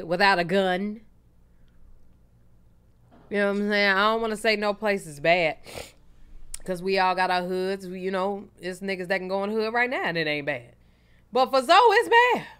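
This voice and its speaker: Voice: medium pitch, bright, forceful tone, smooth. A reaction channel host giving emphatic, opinionated commentary.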